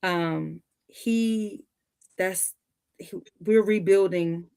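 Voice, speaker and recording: Woman, lively storyteller, medium pitch, acts out voices. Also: very slow, vocal fry, smooth. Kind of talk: casual storytelling.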